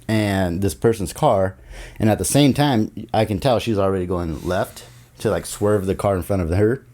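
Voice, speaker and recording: A man talking as a podcast guest in a studio, telling a story in casual, profane, animated chat. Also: low voice, normal speed. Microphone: studio podcast mic.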